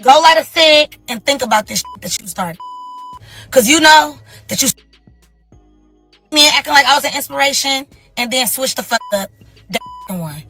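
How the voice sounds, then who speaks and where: A woman from a reality show delivers a blunt, insulting confessional rant in a mocking tone. Her voice is high and bright, and it plays as a show clip with faint music underneath. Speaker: reality show cast member.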